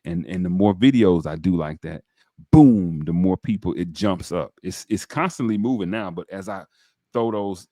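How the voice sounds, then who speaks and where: Deep-voiced animated podcast host. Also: male voice, normal speed, no room sound, clean studio sound. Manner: animated, preacher-like, addresses viewers directly. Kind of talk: enthusiastic interview talk.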